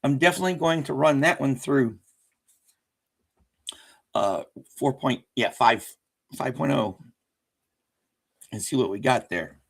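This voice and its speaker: A man's voice: medium pitch, animated, unhurried, vocal fry, pauses often, slightly rough. A man with a Southern accent hosting a casual livestream, rambling and chuckling as he corrects himself mid-sentence. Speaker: livestream host. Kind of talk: casual live chat.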